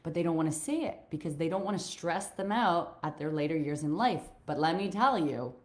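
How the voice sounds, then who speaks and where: A woman life coach giving a frank, animated motivational talk, swearing freely. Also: low voice, brisk.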